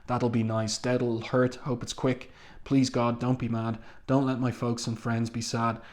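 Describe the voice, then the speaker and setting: A despairing young woman, soft and quiet, as she makes peace with letting go, read out by a man in his own mid-pitched voice. The delivery stays low-key and subdued. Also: little pitch movement, unhurried, natural voice. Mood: resigned. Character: young woman ready to give up.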